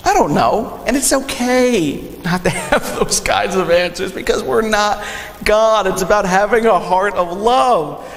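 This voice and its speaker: A young man preaching a sermon, animated, acting out quick quoted asides in a church sanctuary. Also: sits high, gravelly. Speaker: pastor. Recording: long hall reverb.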